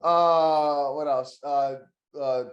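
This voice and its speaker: An excitable man co-hosting a casual podcast chat, full of slang and quick laughter. His voice sits a bit high, and the room around him rings with echo. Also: lo-fi sound. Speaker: podcast co-host.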